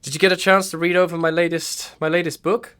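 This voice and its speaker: A man voicing the agent's girlfriend, a wistful, touchy woman writer, in his own voice lifted a little higher. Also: little pitch movement, fast, a bit bright, clean tone, natural voice. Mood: defensive. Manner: plain voice with the pitch lifted, no put-on accent. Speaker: game master voicing a character. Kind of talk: tabletop role-play character voice.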